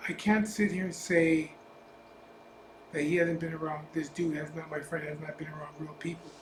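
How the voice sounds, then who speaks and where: A man whose voice sits on the high side tells a personal story at normal speed with a level tone. He's a biker vlogger, casual but blunt, emphatic, and profane, and the recording has room echo plus faint ambient noise.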